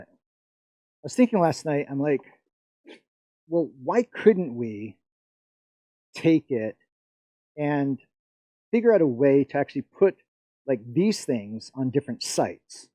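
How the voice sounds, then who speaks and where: A man's voice: medium pitch, mellow, no echo. A middle-aged man from the Philippines presenting a live workshop, rambling and chatty with many fillers and frequent laughs.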